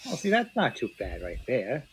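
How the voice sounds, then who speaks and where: A man's voice: medium pitch, huge pitch swings, normal speed, slightly rough. A man chatting casually as a guest, easygoing and jokey. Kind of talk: casual chat.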